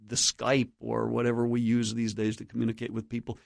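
A man's voice: medium pitch, completely flat delivery, fairly quick, creaky, no room sound, clean studio sound. A man teaching in an earnest, preacherly way as a guest on a Christian radio talk show, exhorting listeners directly. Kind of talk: sermon-like teaching.

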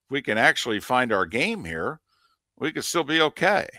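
A man's voice: medium pitch, very animated, moderate pace, bright, forceful tone, no echo, clean studio sound. A man co-hosting a sports radio show, giving emphatic opinions in casual sports talk.

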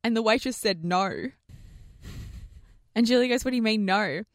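A woman co-hosting breakfast radio, telling stories animatedly with quick asides. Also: on the high side, lively intonation, dry recording, studio quality. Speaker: radio co-host. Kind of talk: casual breakfast radio chat. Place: radio studio. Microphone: studio microphone.

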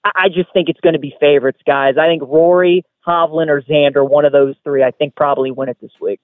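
A man's voice: fairly high pitch, fairly even intonation, quick pace, no room sound. A man calling in as a sports betting guest, talking in an upbeat, eager way. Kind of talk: casual call-in chat. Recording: tinny phone line.

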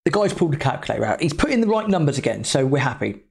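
A man's voice: a little high, very animated, racing, vocal fry, a little mellow. A man, a podcast host telling a travel story in a casual, chatty way with the odd swear word. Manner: chatty, loose, with mild swearing.

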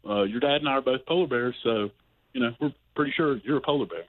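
A man's voice: medium pitch, fast, natural voice. A man calling in to a radio show and voicing a patient mother polar bear in a joke, heard over a phone line.

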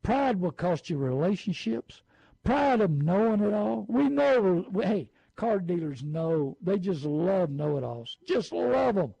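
A middle-aged man talks through folksy car-buying advice and slips into lively, put-on quotes. His voice sits fairly high, with a gravelly, husky edge. The sound is dry and close. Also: unhurried, no echo, poor audio.

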